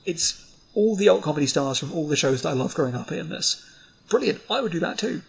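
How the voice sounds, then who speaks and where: Gravelly animated man ranting about films. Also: brisk, poor audio. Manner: opinionated, animated rants with sudden jumps up in pitch. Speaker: film podcast co-host. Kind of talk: casual film review chat.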